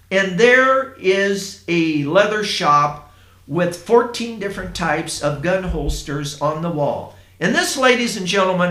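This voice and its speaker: A man from Indiana telling a first-person story in a plain, unhurried way, with asides to his listeners. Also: high-pitched, pushed and bright. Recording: roomy echo.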